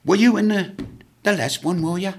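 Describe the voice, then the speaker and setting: A man voicing a boastful old ex-Guardsman in a pub who brags loudly about his regiment. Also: high-pitched, moderate pace, breathy edge, voice pushed up. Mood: probing. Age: older. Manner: loud and proud, bragging.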